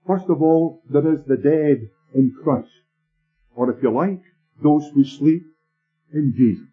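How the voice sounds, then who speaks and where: Tinny recorded preacher, husky man. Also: on the high side. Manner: storytelling preacher, measured and emphatic. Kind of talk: sermon. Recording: tinny lo-fi sermon tape with faint music.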